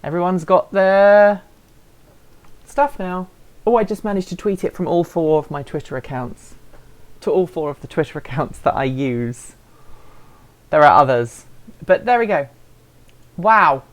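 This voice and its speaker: A woman's voice: deep voice, expressive, moderate pace, pauses often. Chatty woman hosting a live stream. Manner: chatty, playful, self-deprecating. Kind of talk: casual live stream chat, reading viewer comments.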